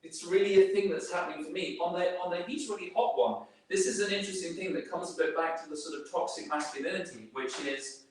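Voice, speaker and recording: This workplace speaker, a man, has a highish voice with fairly even intonation, talking quickly with few pauses. His informal talk to a group wanders, thick with fillers and restarts, and it's captured from afar in a very reverberant room.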